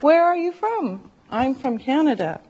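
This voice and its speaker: A woman teaching an English class, speaking slowly and deliberately and drawing out words for her learners. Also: sits high, sing-song, a little mellow. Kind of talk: slow classroom instruction. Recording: dull lo-fi classroom recording.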